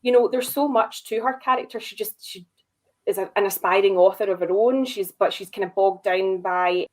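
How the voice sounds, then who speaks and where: A woman co-hosting a film podcast, chatty and animated, with lots of "like" and "you know". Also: medium pitch, normal speed. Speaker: podcast co-host. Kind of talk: casual film discussion.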